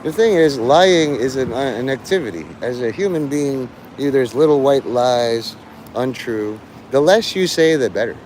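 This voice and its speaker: A man's voice: mid-range voice, expressive, moderate pace, darkish tone, a little hiss or hum. A man livestreaming, rambling and teasing his chat, breaking into mock-angry, swearing rants.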